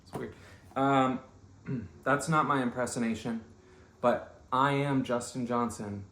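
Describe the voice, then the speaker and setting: Male comedian, mid-pitched, meandering storyteller, reverberant room sound. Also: steady tone, takes it slowly, fairly bright tone. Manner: rambling, self-interrupting, conversational asides. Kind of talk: rambling comedic monologue.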